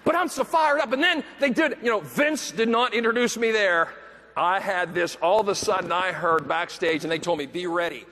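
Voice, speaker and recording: A man giving a motivational keynote, telling a story with animated delivery, acting out the voices of people he quotes and breaking into shouts. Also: fairly high pitch, fairly quick. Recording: echoey hall, faint background noise.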